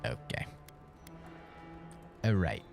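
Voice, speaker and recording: A man's voice: extremely slow, over music. A man streaming live gameplay, joking around and swearing playfully.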